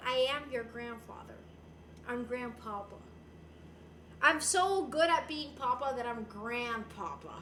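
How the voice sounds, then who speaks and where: A woman's voice: high voice, animated, measured pace, fairly bright tone, echoey room, a little hiss or hum. A young woman streaming live, chatting playfully with her viewers and switching between English and Spanish. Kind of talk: casual live-stream chat.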